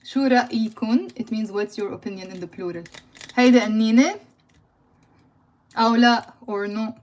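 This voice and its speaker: Lebanese lady teaching a live class, slightly high voice, keeps quizzing the viewers. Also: fast. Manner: lively, quizzing viewers and switching between Arabic and English. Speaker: language teacher. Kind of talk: live-streamed language lesson.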